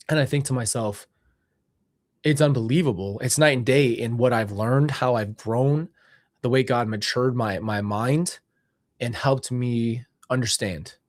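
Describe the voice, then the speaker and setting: A man's voice: medium pitch, no echo, studio quality. Earnest young man musing on faith. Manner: earnest, rambling, self-correcting. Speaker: podcast host. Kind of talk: reflective faith talk. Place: seated indoors.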